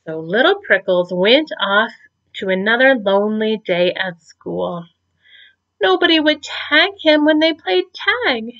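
Woman teacher, picture-book read-aloud, lively pitch, muffled lo-fi sound. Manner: slow, expressive storytelling.

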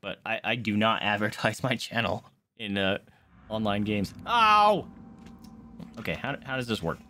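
A male streamer giving excitable gameplay commentary and swearing freely. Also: fairly low pitch, moderate pace, slight background noise.

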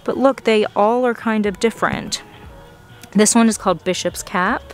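A young woman filming a casual plant-shopping vlog in a nursery, gushing excitedly over the plants she finds. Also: medium pitch, normal speed, faint music behind. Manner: excited, gushing, frequent gasps. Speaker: plant vlogger.

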